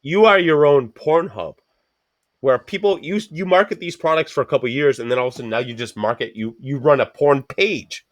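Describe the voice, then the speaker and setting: A man's voice: medium pitch, a little fast. A man co-hosting a podcast, riffing crudely and rambling, often acting out quoted people. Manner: profane, rambling, acts out quoted voices. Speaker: podcast co-host. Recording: dry close-mic sound.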